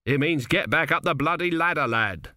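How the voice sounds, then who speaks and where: A man's voice: a little high, lively intonation, moderate pace, bright, forceful tone, no room sound, clean studio sound, pitched above the performer's own voice. A man voicing a blunt male army sergeant who talks brusquely and matter-of-factly. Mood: gruff.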